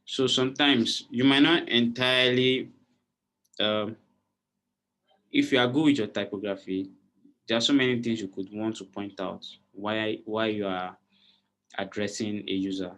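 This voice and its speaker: A man's voice: on the low side, steady tone, unhurried, long pauses, a bit bright. A man teaching a live online design class, explaining step by step and often checking whether his students understand. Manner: repeats checking questions to students. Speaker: design instructor.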